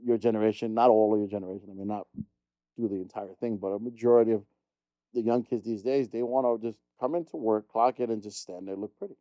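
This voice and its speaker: Middle-aged male podcast host, quick blunt rant, warm dark tone, dry close sound. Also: lowish voice, fairly even intonation, no room sound, dull audio. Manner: blunt, exasperated ranting with frequent swearing. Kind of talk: casual chat.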